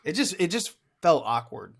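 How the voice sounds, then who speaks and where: A man in his thirties co-hosts a podcast, reviewing a movie in a chatty, somewhat rambling, self-deprecating way. His voice sits on the high side with big pitch swings and vocal fry, at a normal speed.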